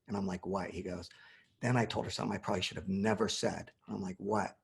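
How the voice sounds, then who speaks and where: A man's voice: sits low, steady tone, quick pace, creaky. A man in his forties telling a personal story in casual conversation, acting out the quoted dialogue.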